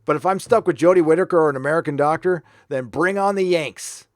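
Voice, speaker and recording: Casting note: a fairly high-voiced man as a sarcastic livestream host, close dry mic, mock-earnest delivery. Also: fast talker, no room sound. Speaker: host reading viewer donations. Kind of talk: casual livestream chat.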